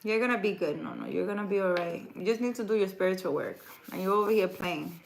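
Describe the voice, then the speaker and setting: A woman's voice: medium pitch, fast talker, gravelly, slight background noise, poor audio. A woman hosting a casual livestream, reading viewer comments aloud, teasing her viewers and then giving earnest spiritual advice.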